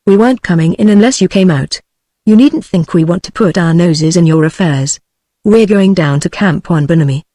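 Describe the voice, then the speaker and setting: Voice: medium pitch, normal speed, no room sound, clean studio sound, close to an everyday voice. Henrietta, a cool young woman, read by text-to-speech. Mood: bland. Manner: flat synthetic delivery.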